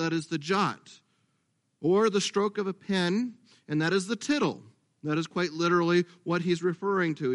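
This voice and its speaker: A middle-aged man preaches in a relaxed, conversational way, stopping to correct himself and drop in asides. His voice sits a little high for a man. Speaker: pastor. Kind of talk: sermon.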